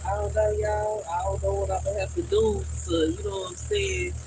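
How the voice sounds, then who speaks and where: A woman's voice: mid-range voice, little pitch movement, brisk, noisy background. A woman with a Southern accent chatting casually and thinking aloud to viewers on a livestream from her garden. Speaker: livestream host. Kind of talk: casual live chat with viewers. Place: outdoors in a garden.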